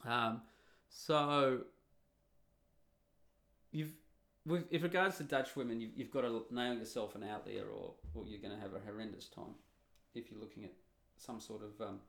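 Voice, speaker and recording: A man's voice: mid-range voice, fairly even intonation, moderate pace, creaky, a bit bright. An Australian man with an Australian accent, giving a blunt, rambling solo monologue full of fillers and restarts. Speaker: vlogger.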